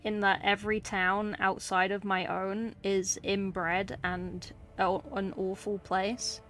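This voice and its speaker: Painting miniatures on stream, this young woman from England keeps up a wry, talkative banter with her chat. She speaks slowly in a mid-range, level voice with a fairly bright quality, and soft music sits in the background.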